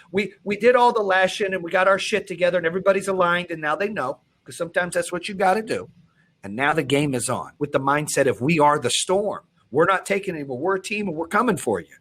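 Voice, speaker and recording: Fired-up profane man, higher voice. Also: expressive, quick pace. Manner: blunt, profane, fired-up, swings from loud to low. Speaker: podcast host. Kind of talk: intense motivational podcast talk.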